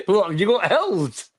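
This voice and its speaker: A middle-aged man, hosting a casual livestream chat, rambling, swearing and laughing often. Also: medium pitch. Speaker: livestream host.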